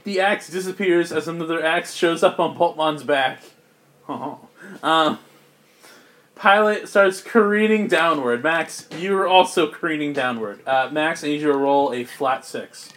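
A man's voice: on the high side, a little slow, fairly bright tone. A man narrating as game master in a tabletop game, loose and joking, with plenty of fillers.

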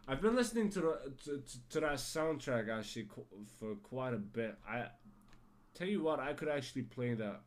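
A man hosting a casual podcast, talking at a mid pitch in a loose, rambling way. He stops and restarts his sentences and often breaks into a laugh. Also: animated, moderate pace. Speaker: podcast host. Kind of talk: casual chat.

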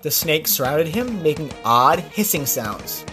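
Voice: medium pitch, expressive, unhurried, over music. Casual podcast storyteller with offhand asides. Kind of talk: storytelling narration.

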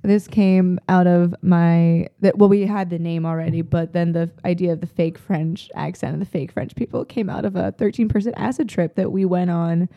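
A woman's voice: on the low side, fairly even intonation, normal speed, few pauses, no echo, highs cut off. A woman chatting casually as a podcast co-host, telling stories and laughing often. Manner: giggly, warm storyteller, laughs often. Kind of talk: casual chat.

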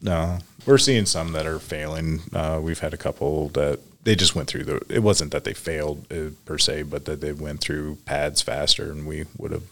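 A man's voice: rumbling low, steady tone, moderate pace, creaky, few pauses, a bit bright. A man in a casual work chat, answering in a plain, matter-of-fact way.

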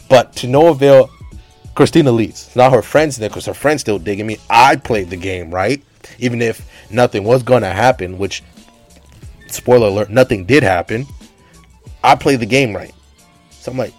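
A young man telling a comedic story in a rambling, animated way, full of filler words. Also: on the low side, normal speed, soft background music.

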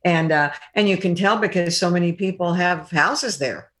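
A woman's voice: on the low side, moderate pace, fairly bright tone. An older woman, an actress guest, reminiscing in a reflective, rambling way. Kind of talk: interview conversation.

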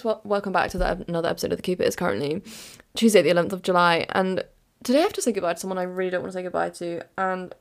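A woman's voice: medium pitch, darkish tone. Chatty giggly young woman. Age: young adult. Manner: chatty and giggly, dramatic sighs and self-mocking despair. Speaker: podcast host. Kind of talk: casual solo podcast chat.

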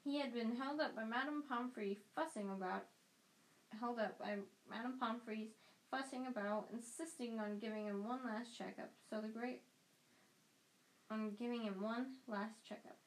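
A woman's voice: on the high side, fairly even intonation, moderate pace, rough recording. A woman reading a novel aloud in an unpolished way, often stumbling and starting a phrase over. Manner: unpolished, frequent restarts. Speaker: audiobook reader.

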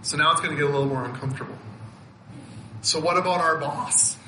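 A man's voice: a little high, fast talker, roomy sound, noisy background. A man in his fifties preaching a sermon, earnest and emotional, often laughing and repeating words as he speaks. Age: 50s. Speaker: pastor.

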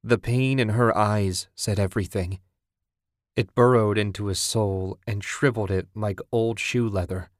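A man reading a dark short story aloud in a grave, measured way. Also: fairly low pitch, fairly even intonation, dry recording, clean studio sound. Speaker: narrator. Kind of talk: scripted dark story narration.

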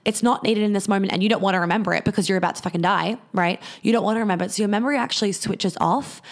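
A woman speaking candidly to her viewers in a casual monologue, telling stories and swearing freely. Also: medium pitch. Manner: candid, swears often, storytelling.

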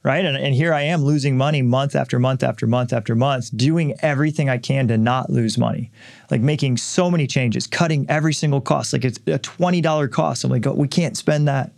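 An earnest middle-aged man shares a personal reflection as a podcast host, with a gravelly edge to his voice. His delivery is candid and full of small restarts, and the recording is close and dry. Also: mid-range voice, fairly quick, a little mellow, no echo.

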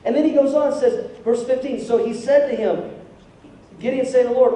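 A man's voice: extremely high pitch, steady tone, a little fast, dark tone. A man preaching a sermon as a pastor, joking and acting out the voices of the people in his story. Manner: jokey, acts out voices of the figures. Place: church sanctuary. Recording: echoey hall from far off, faint noise.

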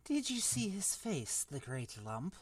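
A woman puts on a sneering, spiteful schoolboy, his voice pushed low and hushed, slow and drawling. The taunts come out quiet, close to a hiss, with pitch rolling up and down. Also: sing-song. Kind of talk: reading a novel aloud.

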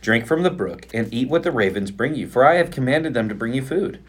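Male pastor, expressive Bible reader, lively sing-song delivery, playful. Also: medium pitch, brisk, breathy edge. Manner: expressive reading aloud, playful banter. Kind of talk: podcast Bible reading and chat.

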